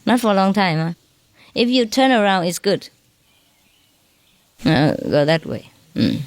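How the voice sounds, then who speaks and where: A woman's voice: medium pitch, very animated, a little slow, no echo. Chatty woman spiritual teacher, dry sound. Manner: chatty, ends phrases with questioning "huh?"; self-mocking, joking about her broken English. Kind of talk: informal lecture to followers.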